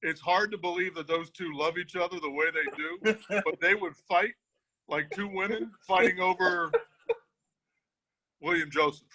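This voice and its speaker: Bright, joking man telling old stories. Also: sits high, normal speed, pauses often, poor audio. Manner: joking storyteller, blunt and profane. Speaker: former football staff member. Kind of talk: casual group video chat.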